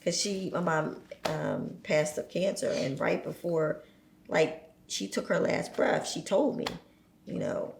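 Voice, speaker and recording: A woman's voice: low-pitched, lively intonation, measured pace, vocal fry. A woman speaking reflectively as a podcast guest, thoughtful and full of "you know" fillers. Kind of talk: reflective conversational talk. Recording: echoey room, faint noise.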